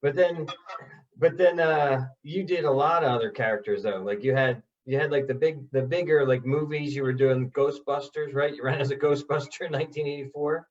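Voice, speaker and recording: Brief: male host, casual interviewer, middle pitch, distant muffled line. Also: normal speed. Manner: conversational, asks follow-up questions. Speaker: podcast host.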